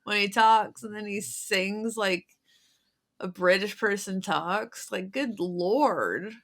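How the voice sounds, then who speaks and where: Bright clear woman co-hosting a podcast, blunt advice, laughs a lot. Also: medium pitch, slow. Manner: frank, laughs easily, gives blunt advice. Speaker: podcast co-host. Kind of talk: casual chat.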